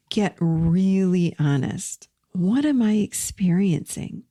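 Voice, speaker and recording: Gentle, encouraging woman teaching self-help. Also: medium pitch, animated, moderate pace.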